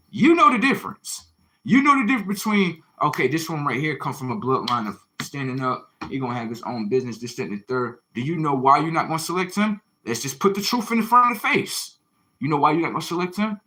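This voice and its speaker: A man on a livestream lecturing his audience in a confrontational, preachy way. His voice is fairly high and bright, swinging widely in pitch as he fires off rhetorical questions. He talks in slang, swears, and hammers phrases home by repeating them. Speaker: livestream host.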